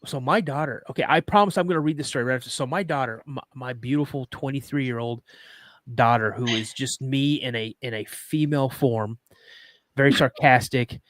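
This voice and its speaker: A man's voice: mid-range voice, a little fast, a bit bright, no room sound, studio quality. A middle-aged man hosting a podcast, chatting casually with rambling jokes and reading a listener's story aloud. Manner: rambling, joking, restarts sentences. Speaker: podcast host.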